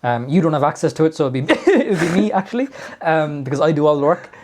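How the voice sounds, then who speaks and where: Rambling, higher-voiced man. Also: lively intonation, fast talker. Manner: rambling, filler-heavy, self-mocking. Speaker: podcast co-host. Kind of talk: casual comedic banter.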